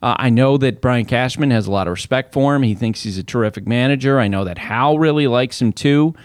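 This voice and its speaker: A man's voice: medium pitch, a little fast, dry recording, clean studio sound. A man talking baseball as an analyst on a casual podcast, telling stories conversationally, with restarts and laughs.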